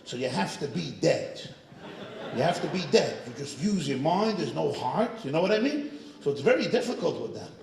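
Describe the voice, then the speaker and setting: Rabbi guy cracking jokes to a crowd, voice all over the place, kinda high, echoey hall. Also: moderate pace, vocal fry. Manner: animated, joking, lots of asides to the audience. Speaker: rabbi, guest speaker. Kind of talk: humorous storytelling talk. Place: synagogue hall.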